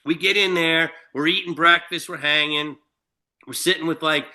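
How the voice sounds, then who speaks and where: A man's voice: a little high, steady tone, moderate pace, sharp tone. A man telling a long, profane anecdote in casual chat, full of fillers and restarts. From Shelter Island, New York. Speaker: guest storyteller. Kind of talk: casual storytelling.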